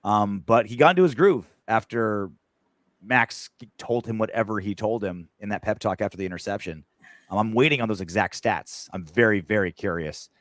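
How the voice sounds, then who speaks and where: A man hosting a casual fan sports podcast over a video call, animated, jumping between loud bursts and low mumbles. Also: normal speed, no room sound, clean studio sound. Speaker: podcast host.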